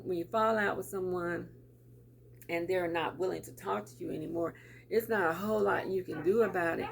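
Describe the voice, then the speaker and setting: Chatty woman with a gravelly low voice. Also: a little mellow, a little hiss or hum. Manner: chatty, repeats words, laughs often. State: teary. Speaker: vlogger. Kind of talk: casual talk to camera.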